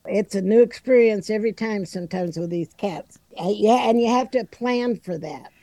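A woman's voice: medium pitch, moderate pace, warm tone, no room sound. A woman co-hosting a podcast about pet grooming, talking frankly and casually. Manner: frank, conversational, laughs. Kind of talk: casual chat.

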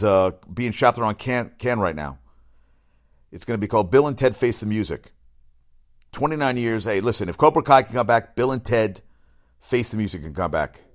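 A man hosting a solo sports podcast, talking in a rambling, excitable way with crude asides and frequent self-corrections. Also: medium pitch.

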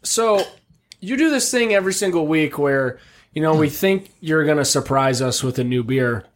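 A man's voice: fairly high pitch, lively intonation, normal speed. Profane, rambling podcast host man. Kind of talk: casual chat.

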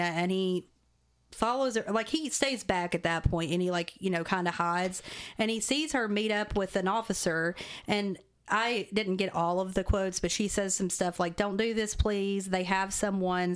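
Woman, podcast co-host, casual rambling plot recap. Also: medium pitch. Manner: rambling plot retelling with many fillers. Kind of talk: casual movie recap chat.

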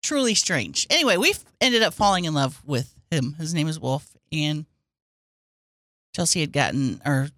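A woman's voice: deep voice, expressive, moderate pace, a bit bright, no room sound. A woman co-hosting a podcast in casual chat, playful and joking, laughing a lot. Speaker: podcast co-host.

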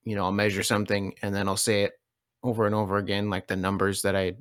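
Low-key dry-talking man, lowish voice. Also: flat delivery, quick pace, a bit bright, clear, resonant tone, dry recording. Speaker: podcast co-host. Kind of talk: casual chat.

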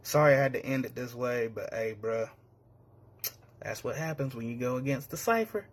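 A cocky young rival full of swagger, voiced by a man, taunting a beaten opponent in a smug, easy drawl. His pitch sits in an ordinary middle range. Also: normal speed, lightly acted. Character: cocky young male rival gamer boasting.

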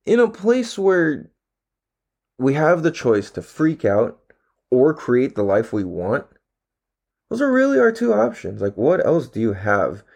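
Laid-back man with very lively pitch. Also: slow, gravelly, pauses often. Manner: profane, laid-back, surfer-style slang. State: slightly dry throat. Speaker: vlogger. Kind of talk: casual rambling monologue.

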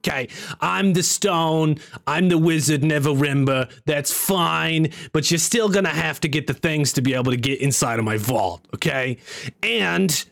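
A man doing a shrill wizard in a stone. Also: moderate pace, vocal fry, fairly bright tone. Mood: bossy. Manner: high, whiny impression voice. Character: wizard trapped in a talking stone, loud and nasal.

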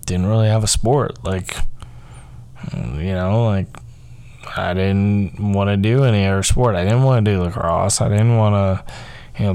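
A man's voice: on the low side, a little mellow. A young man hosting a podcast, telling a personal story in a loose, rambling way, full of "like" and "um". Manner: rambling, filler-heavy, frequent "like" and "um". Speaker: podcast host.

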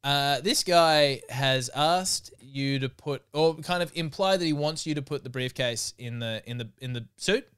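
A man's voice: medium pitch, measured pace, hardly any pauses, fairly bright tone, clean tone. A man hosting a casual interview, recapping the story with probing questions and laughing often. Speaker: podcast host.

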